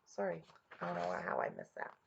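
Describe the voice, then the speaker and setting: A woman's voice: extremely low pitch, wildly swooping pitch, fairly quick, creaky, a little hiss or hum. A woman teacher leading a reading lesson for young students, patiently explaining step by step and checking in often. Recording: dull lo-fi home recording.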